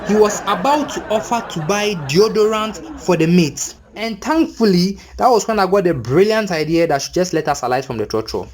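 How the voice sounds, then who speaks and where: A man's voice: high voice, normal speed, hardly any pauses. Ghanaian man telling a comic story. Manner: animated, exclaiming, laughing asides. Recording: crowd chatter and noise behind.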